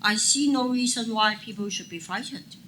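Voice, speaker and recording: Assertive woman with a bright voice. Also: fairly high pitch, moderate pace, slight background noise, rough recording. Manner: assertive, fires back rhetorical questions. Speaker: legislator answering audience questions. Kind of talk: panel Q&A answers. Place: press club event room.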